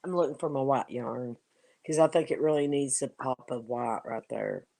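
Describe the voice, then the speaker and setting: A woman chatting casually while crocheting on a live stream, relaxed and self-deprecating. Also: extremely low pitch, normal speed, gravelly, dry recording. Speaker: crafter co-host.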